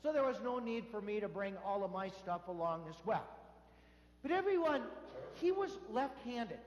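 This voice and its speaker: A man giving a sermon as a priest, telling stories in a lively way and acting out the voices of the people in them. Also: sits high, normal speed. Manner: animated storytelling, acting out voices in quotes. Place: church. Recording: echoey church hall.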